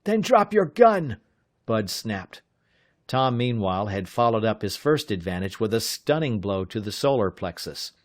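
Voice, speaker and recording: A man narrating an adventure audiobook in a measured, steady reading. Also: on the low side, dry recording, studio quality. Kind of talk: scripted narration.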